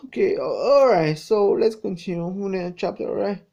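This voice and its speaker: A woman's voice: medium pitch, moderate pace, hardly any pauses, mellow. A woman crying as she reacts live to a comic chapter, emotional and apologetic, swearing now and then. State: tearful, crying. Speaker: manga reaction streamer.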